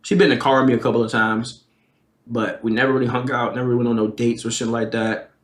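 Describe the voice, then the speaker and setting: A young man on a live stream tells a profane storytime, animated and slangy with plenty of swearing. His voice is medium-pitched and quick, and the recording has a roomy echo.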